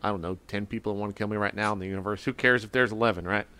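A man's voice: on the low side, steady tone, very fast, pushed and bright, slight background noise. A man playing a tabletop role-playing game, talking in a rambling, playful, hesitant way. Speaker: player. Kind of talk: tabletop role-play, in character.

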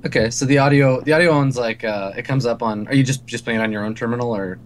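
A man's voice: medium pitch, fast talker, slight background noise. A man as game master, narrating a tabletop game loosely with many fillers, over a video call.

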